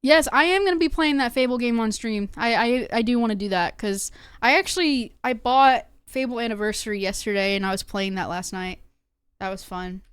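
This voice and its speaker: Smooth-voiced young woman streaming. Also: a little high, fairly quick, no echo. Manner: rambling, lots of fillers and restarts. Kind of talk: casual livestream talk to chat.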